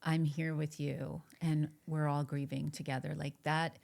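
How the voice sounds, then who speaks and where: A woman talking as a podcast guest in casual chat, gentle and affirming, with lots of filler words. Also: low voice, little pitch movement, a little slow, vocal fry.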